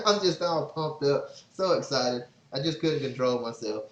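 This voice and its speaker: Man, casual podcast host, excitable rambling storyteller, mid-pitched voice in a roomy, slightly muffled recording. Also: normal speed. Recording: roomy, slightly dull sound.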